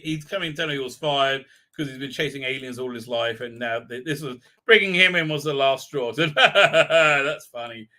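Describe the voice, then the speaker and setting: A man's voice: mid-range voice, pushed and bright. A man hosting a live stream, recapping an episode in a rambling, irreverent way with lots of fillers. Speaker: show host.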